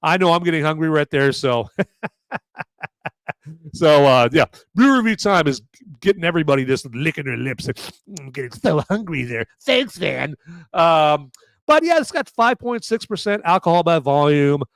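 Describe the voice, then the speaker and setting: A man's voice: on the high side, lively intonation, moderate pace, fairly bright tone, clear, resonant tone, no room sound. A man with a sore throat hosting a casual live show, rambling and joking with lots of fillers and restarts. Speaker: podcast host reviewing beer. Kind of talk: casual live-stream chat.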